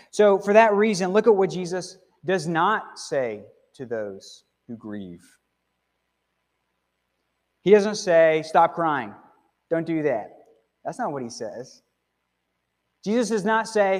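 Pastor, male, slightly raised pitch, chatty sermon delivery with check-in tags, long church reverb. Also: a little mellow. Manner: conversational preaching with frequent "okay?" and "right?" tags. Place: church sanctuary.

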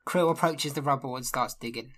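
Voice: mid-range voice, a little fast, fairly bright tone. A player in a tabletop game podcast, describing their character's actions in a playful way.

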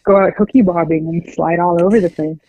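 A woman's voice: on the low side, fairly even intonation, fairly quick, a crowd in the background. A woman guesting on a podcast, reminiscing casually and laughing often. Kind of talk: casual storytelling chat. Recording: dull lo-fi sound.

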